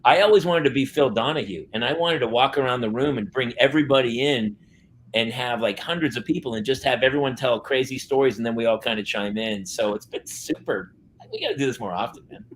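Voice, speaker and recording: Speaking a little fast in a mid-range voice, this middle-aged podcast host tells stories in relaxed conversation. He's lively, acting out quotes and laughing often, and there's slight background noise.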